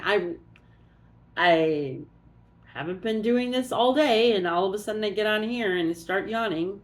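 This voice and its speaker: A woman's voice: medium pitch, measured pace. A woman doing a casual oracle card reading, musing aloud and thinking as she goes.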